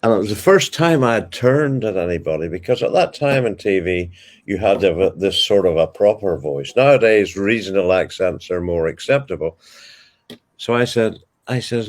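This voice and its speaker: A man's voice: low voice, lively intonation, normal speed. An older man with a Ballymena Northern Irish accent, telling stories from his life as the guest in a casual interview, with fond asides. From Ballymena, Northern Ireland. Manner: warm anecdotal storyteller with fond asides. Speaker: guest, television broadcaster.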